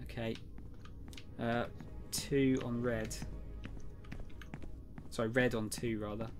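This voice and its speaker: A man's voice: medium pitch, little pitch movement, slow, soft background music. A young man streaming a game live, chatting with viewers and muttering to himself through puzzles. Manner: chatty, greets viewers, drops to a quiet mutter while solving puzzles. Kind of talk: casual live-stream chat while gaming.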